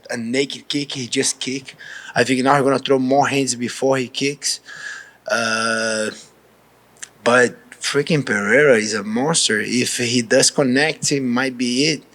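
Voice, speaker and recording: A man's voice: medium pitch, steady tone, unhurried, fairly bright tone. A man with a Brazilian accent, a professional fighter answering questions in a pre-fight media interview, talking frankly and casually, often restarting his sentences.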